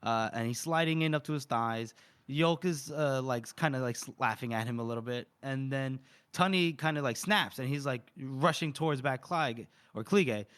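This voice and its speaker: A man co-hosting a podcast, recapping a book chapter in a casual, chatty way. He laughs often and jumps into quick raised voices for the characters. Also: medium pitch, fairly bright tone, clear, resonant tone. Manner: laughs often while retelling scenes. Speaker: podcast co-host.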